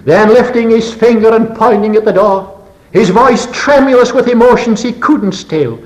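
An older man preaching a sermon as a story, dramatic, swinging between loud bursts and hushed low passages. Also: expressive, normal speed, rough recording.

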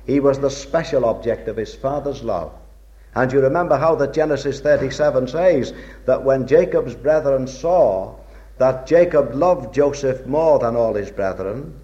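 A man preaching a sermon in a measured, old-fashioned way, slowing down to stress key words. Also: fairly high pitch, darkish tone. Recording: dull lo-fi recording.

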